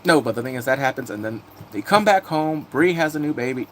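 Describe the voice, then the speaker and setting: A man chatting casually on a live stream, recapping TV episodes and greeting viewers, laughing and animated. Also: medium pitch, a little fast, a little hiss or hum.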